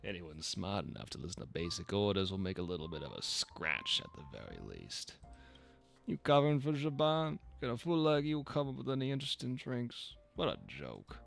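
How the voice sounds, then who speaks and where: A man doing a swaggering, entitled bar patron with a deep, gravelly voice that swings up and down as he scolds and demands. The customer talks down to everyone, bossy and scornful throughout. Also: sing-song, moderate pace, soft background music. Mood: contemptuous. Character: arrogant rude adult male lounge regular.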